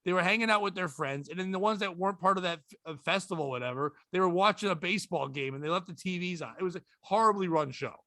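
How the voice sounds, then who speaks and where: A man, a comedian guest, telling a story with casual profanity and deadpan delivery on a podcast. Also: sits high, fast talker, few pauses, no room sound, studio quality.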